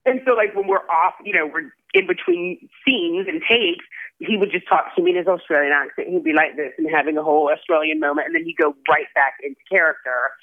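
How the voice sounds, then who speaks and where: A man's voice: on the high side, expressive, a little fast. A man, an actor guest, chatting effusively in an interview, full of "like" and "you know". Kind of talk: casual interview chat. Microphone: phone call. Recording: tinny phone line.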